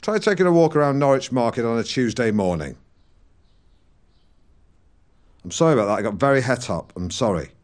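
A man's voice: medium pitch, expressive, fast talker, natural voice. A man performs a vain, touchy middle-aged broadcaster from Norfolk, hosting his own comedy podcast. He talks in a mid-range voice, pompous and defensive, rambling off into tangents and flaring up when provoked. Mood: sheepish. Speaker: podcast host. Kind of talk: comic scripted monologue.

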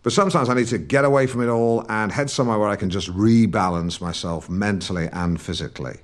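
A man's voice: on the low side, fast, close to an everyday voice. A man playing a pompous, awkward middle-aged broadcaster who hosts a podcast, rambling and stumbling over his words in a comic monologue. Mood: self-satisfied. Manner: pompous and rambling, full of hesitations and restarts. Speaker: podcast host. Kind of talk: scripted comedic character monologue.

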